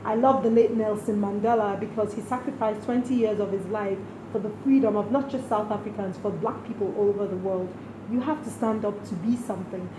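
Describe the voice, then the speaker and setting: A woman's voice: medium pitch, steady tone, fairly quick. Woman from Nigeria, middle-aged, earnest reflective answers, echoey room, noisy background. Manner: earnest, speaks directly to late mother. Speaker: interview guest. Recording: roomy with clear background noise.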